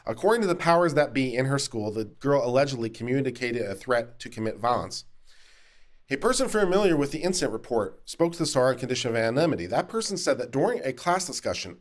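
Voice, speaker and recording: A man hosting a legal commentary show, reading a news article aloud and adding dry, sarcastic remarks along the way. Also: medium pitch.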